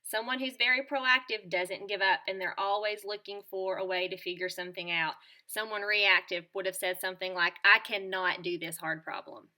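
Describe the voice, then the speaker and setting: A woman teacher presenting a scripted lesson to children in a clear, upbeat and encouraging tone. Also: medium pitch, fairly even intonation, normal speed, hardly any pauses, bright, forceful tone. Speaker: teacher presenting a school morning show lesson.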